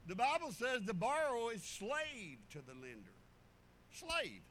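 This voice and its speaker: Male pastor, high and sharp-toned, preaches in a folksy, repetitive storytelling way. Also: huge pitch swings, measured pace, slight background noise. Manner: folksy storytelling preacher, repeats phrases for emphasis. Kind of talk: sermon.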